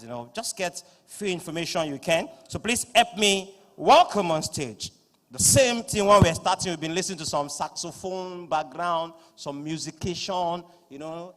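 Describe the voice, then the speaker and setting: A man with a Nigerian accent acting as master of ceremonies at a live conference, loud and playful, slipping into pidgin asides. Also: fairly high pitch. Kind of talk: live event hosting. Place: large conference hall. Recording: echoing hall through PA.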